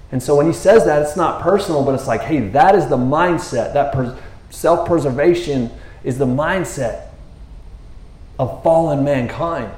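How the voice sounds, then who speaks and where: A man preaching in a relaxed, casual way, acting out the disciples' voices as he tells the story. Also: mid-range voice, echoey room. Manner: animated, acts out voices of the disciples. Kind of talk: casual sermon.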